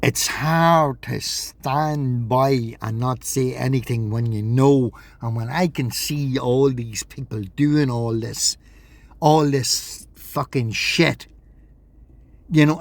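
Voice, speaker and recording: A man's voice: medium pitch, slow, gravelly, dry recording. A man talking in a rambling vlog monologue, agitated, swearing and repeating himself. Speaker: vlogger.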